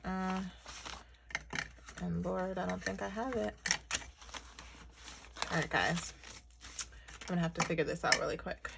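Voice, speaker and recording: A woman in her thirties vlogging from her bedroom at home, chatting casually to viewers and counting her budget cash out loud. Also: lowish voice, fairly even intonation, measured pace, vocal fry, pauses often, heavy background noise. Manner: chatty, talks to viewers as y'all, counts money aloud.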